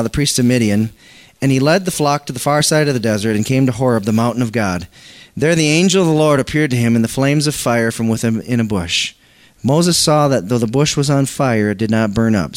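A man preaching a conversational sermon, reading scripture aloud and asking his congregation questions. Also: mid-range voice. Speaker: pastor.

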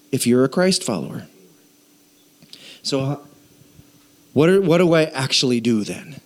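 Preaching a sermon in a medium-pitched voice, a pastor jokes with his church and invites the congregation to respond aloud. He swings from soft asides to loud, forceful declarations.

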